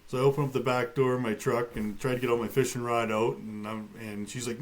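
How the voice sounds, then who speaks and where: Man calmly telling a survival story. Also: medium pitch, fairly quick. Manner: matter-of-fact, light humor with fillers. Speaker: guest, bear attack survivor.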